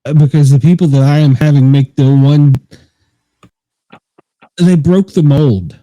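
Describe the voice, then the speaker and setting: An easygoing man hosts a relaxed chat in a very dark, mellow voice. His pitch sits a little above the usual for a man. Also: a little slow, no echo, rough recording. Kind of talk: casual chat.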